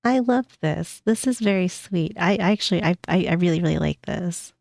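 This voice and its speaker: A woman's voice: lowish voice, moderate pace, creaky, darkish tone, no room sound, studio quality. A woman streamer giving casual reaction commentary with a congested, stuffed-up voice, rambling with many fillers. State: congested from a cold.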